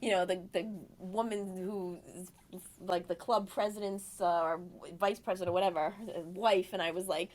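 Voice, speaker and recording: A woman's voice: fairly low pitch, steady tone, normal speed, darkish tone. A woman from Rhode Island, a guest in a casual interview, animatedly telling a dramatic personal story. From Rhode Island, USA.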